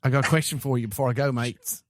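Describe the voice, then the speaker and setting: A man's voice: mid-range voice, fairly even intonation, quick pace, close to an everyday voice. A man putting on a hammy Aussie bloke voice. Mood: joking. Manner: repeats "mate" in a hammy bloke voice. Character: man putting on a jokey Australian voice.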